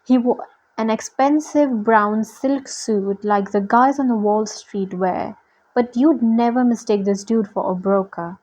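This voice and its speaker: Slow, deliberate woman reading a novel. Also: fairly high pitch, a little mellow, low-quality recording. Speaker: reader.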